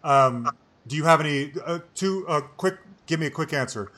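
A man's voice: on the high side, normal speed, a bit bright. A male podcast host who talks casually, agreeing readily and rambling with many fillers. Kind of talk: casual podcast chat and outro. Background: music.

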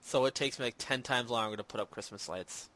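Brief: male podcast host, mid-pitched, chatty and rambling, easygoing. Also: a little fast, a bit bright. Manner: rambling, self-deprecating, lots of fillers. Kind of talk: casual chat. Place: home in Minnesota.

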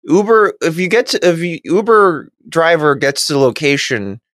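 A man's voice: on the high side, moderate pace, fairly bright tone, no room sound, clean studio sound. A man in casual chat who laughs a lot and explains with playful examples. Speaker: podcast co-host. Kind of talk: casual chat recapping a TV episode.

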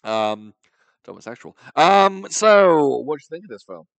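A man's voice: on the high side, big pitch swings, unhurried, vocal fry, fairly bright tone, no room sound. A man hosting a podcast, chatting casually and with enthusiasm about a film, with rambling asides. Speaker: podcast host. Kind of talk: casual film review chat.

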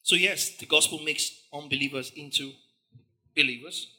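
Bright high-voiced man preaching. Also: moderate pace. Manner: dramatic, acts out the crowd's lines and shouts them. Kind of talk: sermon.

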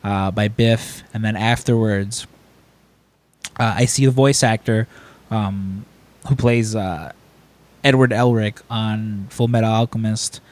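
A podcast host with a fairly low voice speaks slowly as he tells stories in casual chat. He rambles and gets animated, acting out other people's lines in raised voices.

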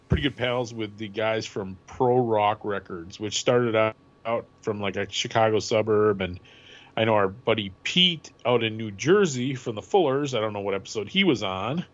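A man co-hosting a podcast, chatting casually with quick, stumbling restarts. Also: lowish voice. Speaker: podcast co-host. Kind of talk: casual chat about music. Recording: dull lo-fi audio.

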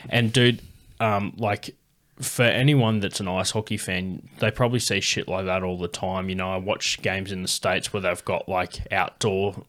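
A young man with a lowish voice hosts a casual podcast chat. He rambles through his anecdotes, swearing freely and getting animated. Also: moderate pace. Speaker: podcast host.

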